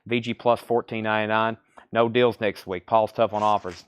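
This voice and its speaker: A man's voice: fairly low pitch, level tone, moderate pace, clear, resonant tone. A man with a Southern US accent hosting a live record sale from a store, reeling off album titles and prices with chatty asides. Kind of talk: live-stream sales patter.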